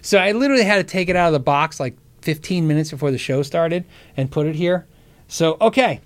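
A man hosting his own show in a casual livestream chat, excitable and stammering, often restarting his sentences. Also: fairly high pitch, brisk. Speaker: show host.

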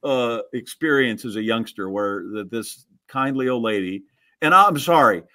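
A middle-aged man from Wisconsin co-hosting a casual podcast. He tells stories with animated, mock-indignant energy and laughs at himself. His voice sits at an ordinary pitch. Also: normal speed. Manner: animated storyteller, mock-indignant, self-mocking. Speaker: podcast co-host. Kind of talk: casual storytelling chat.

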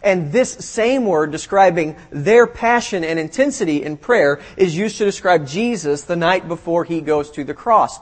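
A man preaching a sermon, reading scripture aloud and then retelling the story with lively emphasis before dropping quiet for his points. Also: moderate pace, hardly any pauses. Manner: reads scripture, then retells it animatedly, drops low for emphasis. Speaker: pastor.

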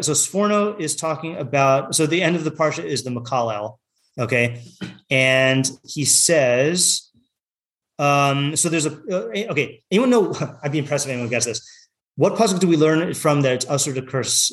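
Man, rabbi, weekly class, casual teaching, frequent fillers, restarts, reads texts aloud. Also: medium pitch. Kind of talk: informal text study class.

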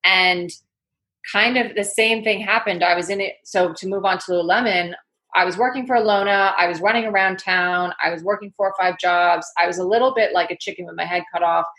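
A woman with a New York accent, chatty and energetic, telling her story as an interview guest in a rambling, casual way. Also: on the low side, fairly quick.

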